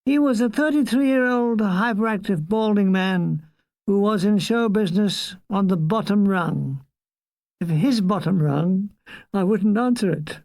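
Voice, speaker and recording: An older man reading his own comic war memoir in a wry, deadpan way. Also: high voice, measured pace, dry recording.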